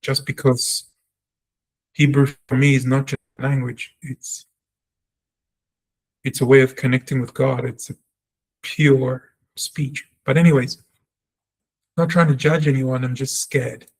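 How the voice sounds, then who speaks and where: A man giving a spoken language lesson, talking earnestly and reflectively, and repeating sounds slowly to show how they are said. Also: medium pitch, level tone. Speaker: Hebrew teacher.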